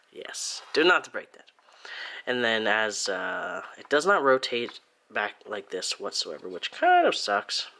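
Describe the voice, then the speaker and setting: Chatty, playful toy reviewer from Germany, with a lively, swooping voice. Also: mid-range voice, slow, creaky. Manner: chatty, playful, makes little sound effects. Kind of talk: casual hands-on review.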